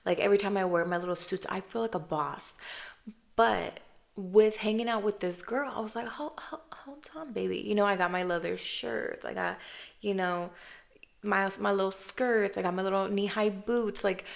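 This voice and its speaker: A woman in her thirties hosting a casual podcast chat, telling stories with lots of filler and calling the listener babe and girl, sometimes dropping into a hushed voice for quotes. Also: mid-range voice, normal speed, creaky. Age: 30s. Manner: chatty, animated storytelling, calls listener babe and girl. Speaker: podcast host.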